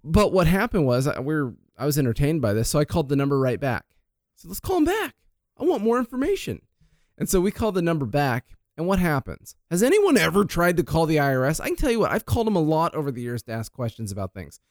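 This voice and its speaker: A man who is a financial planner, chatting on a talk show. He tells stories in an animated way, acting out quoted lines and often restarting and repeating words. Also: fairly high pitch, fast talker, no room sound, clean studio sound. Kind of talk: casual radio chat.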